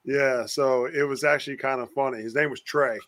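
A man's voice: medium pitch, steady tone, fairly quick, a crowd in the background. A man hosting a podcast, chatting casually with a guest and laughing between his stories. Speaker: podcast host. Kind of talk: casual interview chat.

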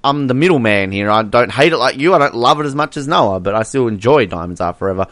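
A man talks in an animated, playful podcast chat. His pitch swings widely as he speaks. The room sound is dry and close. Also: fast, dry recording. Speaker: podcast co-host. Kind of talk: casual chat ranking film villains.

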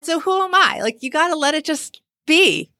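A middle-aged woman in casual conversation, telling animated stories and acting out what others said. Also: high voice, normal speed, no room sound, studio quality. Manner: animated storytelling, acts out quoted voices. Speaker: podcast host and author. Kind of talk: casual chat.

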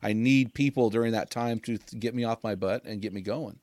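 Energetic male podcast host, dry sound. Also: on the low side, fairly quick, no echo. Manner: energetic, joking, emphatic. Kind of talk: casual podcast chat.

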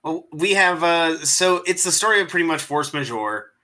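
Guy with a really bright punchy voice ranting about a bad movie, laughy and sweary. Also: fairly high pitch, expressive, normal speed. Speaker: streamer co-host. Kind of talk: casual movie review chat.

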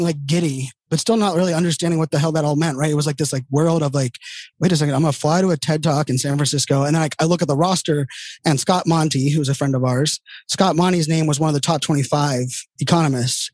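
A middle-aged man tells stories in a loose, conversational way, stringing thoughts together with fillers and restarts. His voice sits slightly high for a man, and the sound is dry with no room echo. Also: quick pace, darkish tone. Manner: rambling, heavy with fillers and restarts. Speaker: entrepreneur guest. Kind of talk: casual conversational storytelling.

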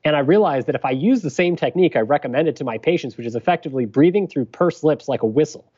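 A man who is a physician guest on a podcast interview, explaining things in a measured, careful way. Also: fairly high pitch, expressive, dark tone, muffled recording.

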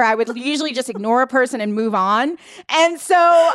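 A woman's voice: on the high side, normal speed, dry recording, studio quality. A woman, a podcast co-host, chatting expressively and acting out quotes as she tells a story. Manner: expressive, laughing, acts out quotes. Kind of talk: casual conversation.

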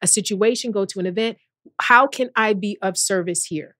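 A woman guest in a casual podcast chat, telling lively stories and acting out quotes in a playful voice. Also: moderate pace. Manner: animated storyteller, acts out quotes in a high playful voice. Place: podcast studio.

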